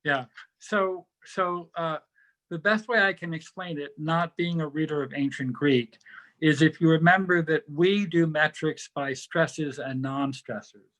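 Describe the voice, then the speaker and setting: A man's voice: on the high side, unhurried, a bit bright, rough recording. A man giving a library lecture and answering questions, explaining at length with thoughtful digressions and frequent filler words.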